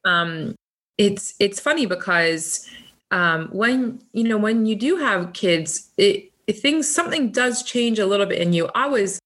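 A woman in her thirties chatting reflectively about parenting, often pausing and restarting her sentences. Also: medium pitch, animated, fairly bright tone. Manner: hesitant, many restarts and fillers. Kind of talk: casual chat.

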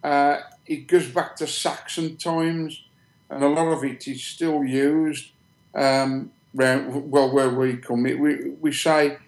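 A man's voice: medium pitch, flat delivery, takes it slowly. Black Country man, roomy chat. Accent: Black Country English. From Black Country, England. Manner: chatty, repeats himself with restarts. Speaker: guest, detector maker. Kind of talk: casual podcast chat. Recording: roomy echo.

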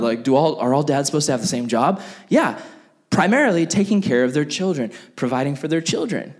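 A young man giving a casual sermon to young people, chatty and animated, acting out little scenes. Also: medium pitch, brisk. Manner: animated, chatty, full of "like", acts out bits. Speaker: youth pastor.

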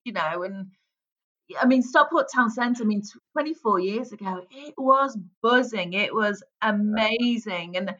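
In casual interview chat, a hypnotherapist in her forties, from Merseyside, England, with a light accent, comes across as effusive and gushing, laughing often. Her mid-range voice is expressive and fairly bright, a little slow, heard through dull lo-fi audio.

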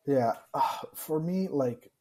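A man's voice: a little high, expressive, slow, warm tone. A man co-hosting a casual podcast chat, ranting with exasperation and swearing often. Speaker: podcast co-host.

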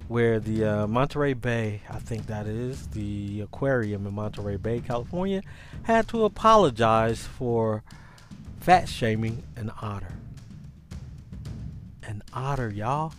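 A man hosting a podcast, talking in a casual, animated, rambling monologue with many restarts. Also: lowish voice, measured pace, soft background music. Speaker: podcast host.

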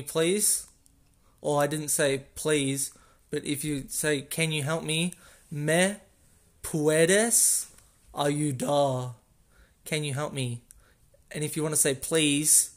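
Recorded on a phone, a man with a slightly high voice hosts a casual solo podcast, explaining things slowly and ramblingly while correcting himself along the way.

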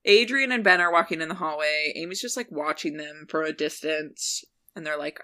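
A woman co-hosting a podcast, casually recapping a TV episode, quickly retelling scenes and quoting the characters' lines, laughing often. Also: low-pitched, bright, forceful tone. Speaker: podcast co-host.

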